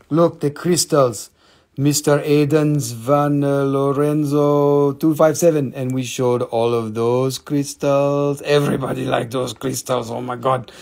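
A man hosting a live crystal sales show, joking excitably in broken English. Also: fairly high pitch, vocal fry. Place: family crystal shop.

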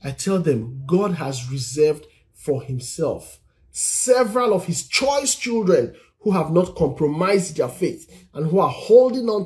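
A man's voice: a little high, darkish tone. A man giving an earnest, encouraging sermon-style teaching over a phone live stream, repeating his points and reading scripture aloud. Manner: earnest, repetitive exhortation, reads scripture aloud. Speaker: Christian teacher on singles and marriage.

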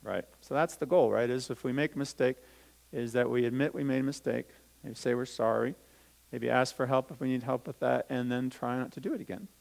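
A man's voice: medium pitch, steady tone, a little fast, gravelly, darkish tone, poor audio. A man, a pastor, reading a scripture story aloud and explaining it simply to children. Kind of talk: children's talk. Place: church sanctuary.

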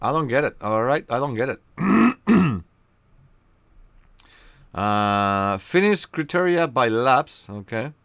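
A young man from Spain with a Spanish accent, chatting casually and joking with viewers during a live game stream, often pausing on fillers. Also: medium pitch, fairly bright tone, clean tone, no room sound.

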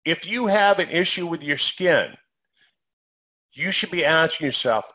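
A man's voice: fairly high pitch, animated, unhurried. Emphatic man lecturing over a phone line. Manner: emphatic, repeats phrases, lists numbered points. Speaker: doctor hosting a health call. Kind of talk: health talk on a conference call.

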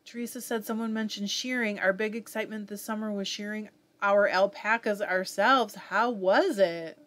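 A woman's voice: medium pitch, steady tone, normal speed, fairly bright tone. A woman with a Southern US accent hosting a live fiber arts stream, chatting casually and reading viewer comments aloud with frequent laughs.

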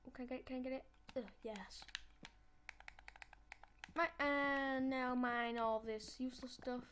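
A woman's voice: sits high, fairly even intonation, measured pace, a bit bright, slight background noise. A woman giving chatty let's-play commentary, talking to herself as she builds and playfully gloating at the game. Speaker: gameplay channel host.

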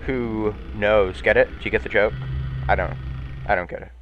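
A man's voice: lowish voice, steady tone, normal speed, dull audio. A man hosting a gaming video, rambling and joking to himself through let's-play commentary. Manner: rambling, jokey self-talk.

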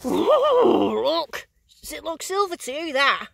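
A woman vlogging outdoors in a field, giving bubbly, excited running commentary as she digs and talking to her finds. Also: sits high, slow, vocal fry, slight background noise. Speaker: metal detecting vlogger.

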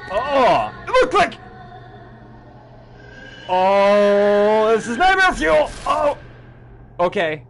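A man's voice: high voice, very animated, very slow, pauses often, a bit bright, a little hiss or hum. A young man giving live commentary on a horror game, jumpy and swearing, with sudden yelps and nervous laughs. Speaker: game streamer.

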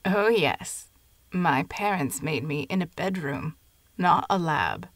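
A woman reading an audiobook story voices a frail, dying old grandmother who speaks in a weak, hoarse, hushed murmur. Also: low-pitched, expressive, takes it slowly, dry recording, heavily acted. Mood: wry.

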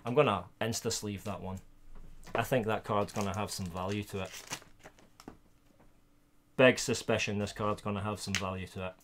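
A Scottish man live-streaming himself opening trading card packs, chatting casually with viewers and getting loud and excited over good pulls. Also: lowish voice, normal speed, long pauses, a little hiss or hum.

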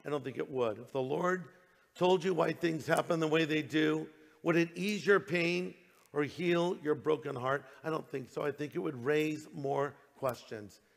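A man's voice: fairly high pitch, normal speed, creaky, in a large hall. An older man, a pastor, preaching a sermon in a conversational way, slipping into quoted voices.

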